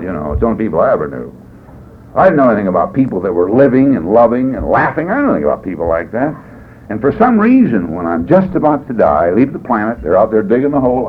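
A man speaking at a recovery meeting, telling his story in a rambling, folksy way with wry humor. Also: mid-range voice. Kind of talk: personal testimony talk. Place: meeting room. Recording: tinny lo-fi tape with faint hiss.

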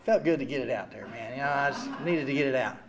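A man's voice: mid-range voice, fast, creaky, a crowd in the background. Older man giving raw recovery testimony. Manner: earnest storytelling, quiet and heavy one moment, loud and wry the next. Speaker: speaker sharing at a recovery meeting.

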